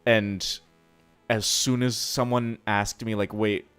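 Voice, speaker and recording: A man's voice: on the low side, flat delivery, takes it slowly, a bit bright, smooth, soft background music. A man streaming live, chatting casually and answering chat, rambling and swearing freely.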